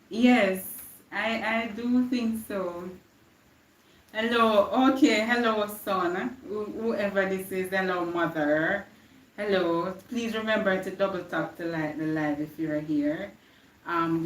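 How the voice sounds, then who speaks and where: A woman's voice: medium pitch, a bit bright, roomy sound, recorded from a distance, poor audio. A young woman with a Jamaican accent giving an earnest inspirational live-stream talk, slipping into patois now and then. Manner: earnest, preachy, slips into patois. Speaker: live-stream motivational speaker.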